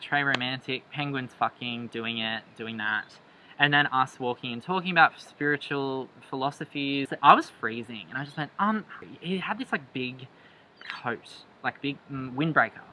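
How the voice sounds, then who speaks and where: A young man, chatting through a date story in a lively, jumpy way. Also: medium pitch, normal speed, slight background noise, rough recording. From Australia. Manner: animated, jumps into quoted voices, laughs a lot. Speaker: vlogger. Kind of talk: storytime chat.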